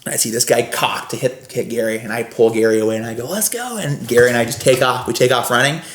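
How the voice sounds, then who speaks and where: A young man tells animated, rambling stories as a podcast guest. His voice sits in a middle pitch, and the room around him adds a noticeable echo. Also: fast. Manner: animated, rambling, many fillers. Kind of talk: casual storytelling. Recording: roomy echo.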